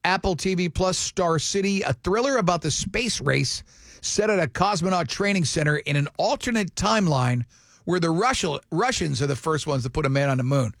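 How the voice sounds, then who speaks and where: A man's voice: fairly high pitch, animated, moderate pace, a bit bright, no echo, studio quality. A man hosting a morning radio show, chatting and teasing his co-hosts in casual banter. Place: radio studio. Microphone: studio microphone.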